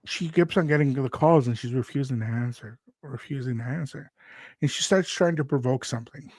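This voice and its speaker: A man in a casual talk show, spinning a personal story with animated energy and acting out the lines of others. His voice sits in a middle pitch. The recording is dry and close. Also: a little fast, dry recording. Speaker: radio show host.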